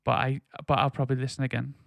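A man's voice: medium pitch, flat delivery, very fast, vocal fry, no echo, clean studio sound. A man co-hosting a podcast, chatting casually about an album with lots of fillers and restarts. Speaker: podcast co-host.

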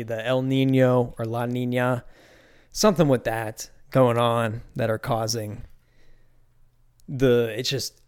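A young man from Pittsburgh hosting a solo podcast, talking loosely and profanely with lots of restarts. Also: mid-range voice. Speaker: podcast host. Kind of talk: casual solo podcast rant.

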